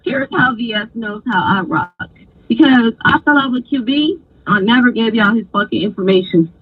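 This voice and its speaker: A woman host telling a story in a casual, animated, profane way, acting out other people's lines. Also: fairly high pitch, moderate pace, a little hiss or hum. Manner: animated, profane, acts out quoted voices. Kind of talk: casual storytelling on a live stream. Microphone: phone. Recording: dry, husky, phone-like sound.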